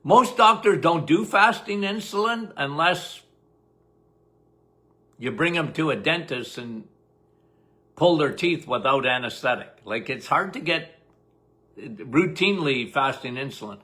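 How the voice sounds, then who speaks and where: A man's voice: on the high side, animated, bright, forceful tone. An older man hosting a casual live-stream, greeting viewers by name and answering questions in a chatty way. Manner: chatty, reads viewer names quickly, laughs at himself. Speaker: host.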